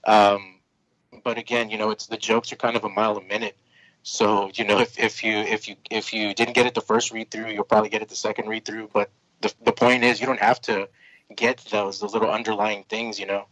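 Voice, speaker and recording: A man's voice: lowish voice, flat delivery, a little fast, fairly bright tone, poor audio. A man, a comic book creator, chatting casually as a podcast guest, rambling with lots of fillers and restarts.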